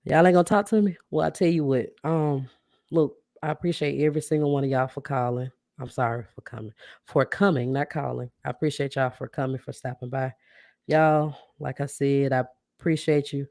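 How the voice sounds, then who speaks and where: A woman podcast host chatting casually with livestream viewers, warmly thanking them and reacting to their comments. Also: a bass voice, fairly even intonation, a little fast, no room sound, clean studio sound. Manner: chatty, keeps addressing viewers as y'all; warm and grateful, reacts to comments.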